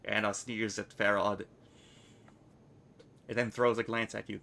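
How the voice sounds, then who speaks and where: A man streaming himself reading a video game's narration aloud, steady and plain, with casual asides. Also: on the low side, measured pace, gravelly, long pauses.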